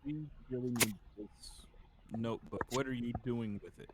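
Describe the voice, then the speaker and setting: A man's voice: medium pitch, normal speed, very noisy. A man playing a tabletop game, speaking urgently and partly in character. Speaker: player. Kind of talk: casual tabletop role-play.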